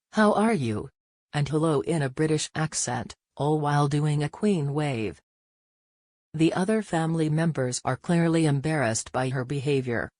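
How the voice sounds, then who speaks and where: Gossip narrator reading a tv recap script, chatty, mid pitch, dead dry sound. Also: darkish tone, no echo. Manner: chatty recap with personal reactions.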